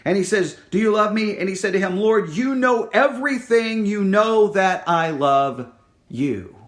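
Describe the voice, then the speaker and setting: A man with a notably high voice delivers a sermon. He reads scripture and retells it with dramatic swings, sinking to hushed, drawn-out words and rising again for emphasis. He often restarts and repeats words as he preaches. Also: lively intonation. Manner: dramatic, drops to near-whisper for emphasis, then rises.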